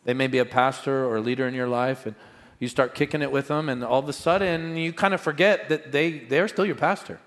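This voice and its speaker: A middle-aged male pastor preaching a sermon, swinging between loud proclamations and quiet asides. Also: mid-range voice, a little fast, long reverb tail.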